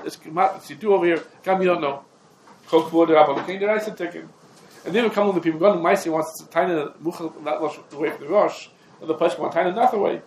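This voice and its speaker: A man teaching a lecture on religious law, in quick clipped phrases with repeated fillers like "come on" and "over here". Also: sits high. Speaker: Talmud teacher. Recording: echoey room with faint background noise.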